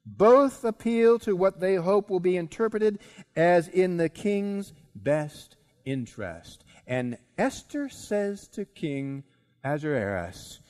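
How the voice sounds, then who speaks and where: A man preaching a sermon as dramatic storytelling, swinging between loud and hushed. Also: on the high side, animated, slow.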